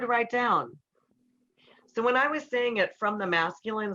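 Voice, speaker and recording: A middle-aged woman speaking to an audience as a relationship counselor, telling lively stories and acting out what people said. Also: on the high side, measured pace. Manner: animated storyteller who acts out quotes. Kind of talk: storytelling talk to an audience. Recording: slightly dull, muffled recording.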